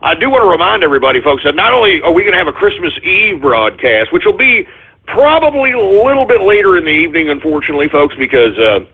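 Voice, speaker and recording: Man, middle-aged, radio show host, loud emphatic rant, husky, phone-line sound. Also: on the high side, fast. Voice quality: loud, animated and emphatic, with insults and swearing. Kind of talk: ranting call-in radio monologue. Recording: tinny phone-line quality.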